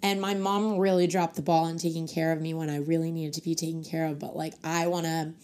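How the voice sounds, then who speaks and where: A woman's voice: low-pitched, little pitch movement, fairly quick, a little mellow. A young woman from North Carolina, a singer guesting on a podcast and talking frankly and with feeling, with a lot of "like" in her speech. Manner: frank and heartfelt, heavy with filler "like". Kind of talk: candid podcast conversation.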